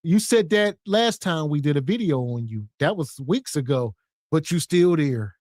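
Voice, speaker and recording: Laid-back man, fairly high voice. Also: expressive, moderate pace, darkish tone, no echo, studio quality. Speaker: podcast co-host. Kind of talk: casual commentary.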